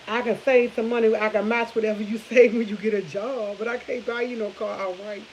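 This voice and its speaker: A woman's voice: medium pitch, fairly even intonation, fairly quick. A woman, telling stories to her viewers in a rambling, chatty way with frequent laughs and restarts. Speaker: vlog host. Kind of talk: casual storytelling chat to viewers. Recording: dull lo-fi audio with faint hiss.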